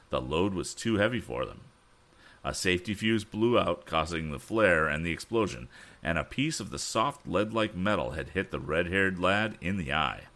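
A man reads an adventure novel aloud in a very low voice that still moves in lively swings. His tone is bright and forward, and he corrects himself when he stumbles over a word. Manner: expressive, corrects his own misreadings. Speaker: audiobook reader.

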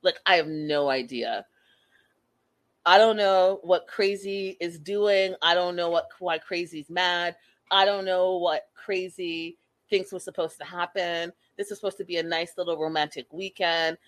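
A woman voicing an exasperated young man, a calm boyfriend who is fed up, in a flat, weary grumble. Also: lowish voice, measured pace, pitched below the performer's own voice, lightly acted.

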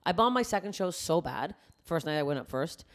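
A woman's voice: fairly low pitch, brisk. A young adult woman comedian chatting casually on a podcast, telling stories with lots of swearing. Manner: animated storyteller, swears freely. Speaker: stand-up comedian.

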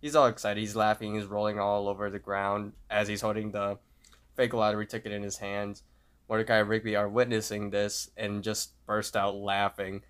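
A man's voice: fairly low pitch, flat delivery, normal speed, clear, resonant tone. A man co-hosting a podcast, casually retelling a cartoon episode and acting out the characters' lines. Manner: retells scenes, acting out quotes loudly. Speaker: podcast co-host.

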